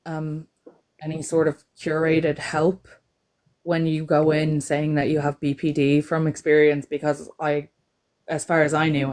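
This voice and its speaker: A woman's voice: deep voice, darkish tone. A young adult woman from Ireland with an Irish accent, chatting as a panel guest and telling stories with frequent laughter. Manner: chatty storyteller, laughs often. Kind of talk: casual chat on a call.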